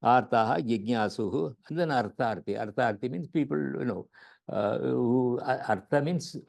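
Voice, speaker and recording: A man's voice: mid-range voice, normal speed, creaky, darkish tone. A man with an Indian accent giving a lecture on scripture as a yoga teacher, often repeating words and checking in with "right?".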